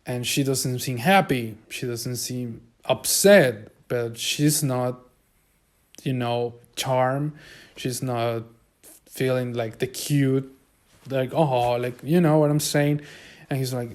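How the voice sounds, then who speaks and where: A man's voice: mid-range voice, fairly even intonation, takes it slowly. Rambling male podcast host telling a story. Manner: rambling, swearing, many restarts. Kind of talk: casual storytelling.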